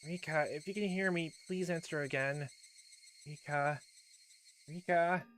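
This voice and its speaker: A man voicing a gentle girl spirit in a game playthrough, speaking softly and calmly as she calls out. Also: fairly high pitch, unhurried, slight background noise, voice pushed up. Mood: soft calling. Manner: soft, calm and pleading. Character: gentle faint girl spirit calling from afar.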